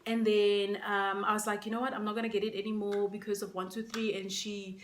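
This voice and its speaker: A woman's voice: mid-range voice, flat delivery, fairly quick, reverberant, a little hiss or hum. A woman vlogger chatting casually to her phone camera, emotional and close to tears, with many fillers. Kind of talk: casual unboxing chat.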